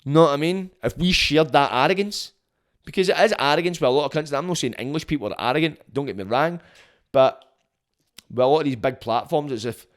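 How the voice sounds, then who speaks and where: A young Scottish man hosting a podcast, giving a blunt, sweary, opinionated monologue that grows heated. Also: medium pitch. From Scotland. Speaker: podcast host.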